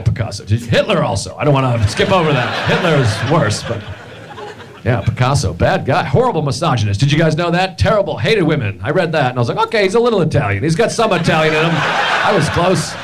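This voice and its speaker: Man, stand-up comic, high voice, lively pitch, deadpan delivery, loud noisy recording. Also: brisk. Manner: deadpan, animated storytelling. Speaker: stand-up comedian. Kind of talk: stand-up comedy set. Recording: loud background noise. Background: audience laughter.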